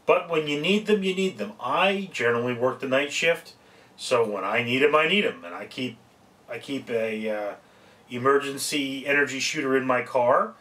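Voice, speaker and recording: A man's voice: medium pitch, normal speed, sharp tone, far from the mic. A man giving casual, rambling, folksy advice in a home vlog, often breaking off mid-sentence to correct himself. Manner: rambling, folksy, self-interrupting. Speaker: vlogger.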